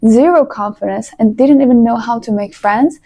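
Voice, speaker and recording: Young female vlogger, high pitch, lively advice-giving talk with playful asides. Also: moderate pace. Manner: animated, coaching, playful asides. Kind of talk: casual advice talk to camera.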